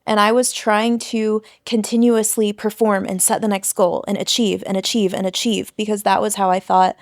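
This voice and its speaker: A woman's voice: medium pitch, level tone, normal speed, dry recording, studio quality. A woman hosting a podcast, speaking reflectively and sharing her own experience. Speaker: podcast host. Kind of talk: interview conversation.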